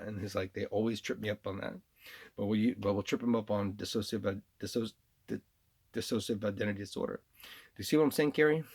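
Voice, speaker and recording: A man's voice: fairly low pitch, creaky, husky. A man vlogging in a rambling monologue, full of restarts and repeated words.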